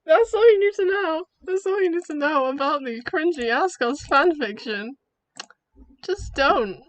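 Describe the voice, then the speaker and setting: A woman's voice: high-pitched, animated, measured pace, no echo, rough recording. A young woman streamer casually retelling her own fan fiction, giggly and self-mocking.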